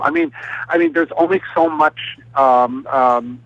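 A man's voice: a little high, unhurried, a bit bright, no room sound. Male caller, rambling and teasing, muffled dry voicemail sound. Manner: rambling, mock-insulting, lots of ums. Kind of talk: recorded voicemail call-in.

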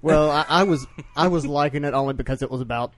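A man with a Southern US accent, co-hosting a casual chat show and trading jokes. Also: fairly high pitch. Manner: joking, teasing, quick banter. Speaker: podcast co-host.

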